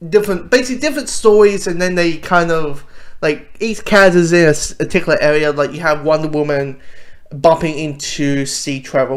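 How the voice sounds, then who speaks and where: A young man giving a casual, rambling review, enthusiastic and full of restarts. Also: fairly high pitch. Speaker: video reviewer.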